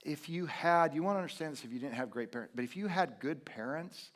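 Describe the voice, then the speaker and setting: Middle-aged male pastor, animated sermon delivery, drops to a hush then bursts loud. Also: fairly high pitch, fast talker. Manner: animated storytelling, swings from hushed to loud. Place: church sanctuary.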